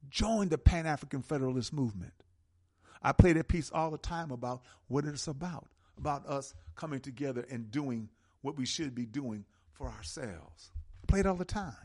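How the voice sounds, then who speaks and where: A man hosting a call-in radio talk show, speaking with an impassioned, preaching cadence and slow, emphatic stresses. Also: mid-range voice, darkish tone.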